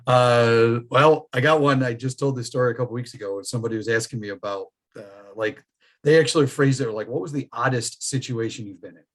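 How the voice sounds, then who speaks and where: A man's voice: mid-range voice, normal speed. A middle-aged man, a firearms trainer, telling stories in casual chat and laughing often. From New York state. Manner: animated storyteller, laughs often.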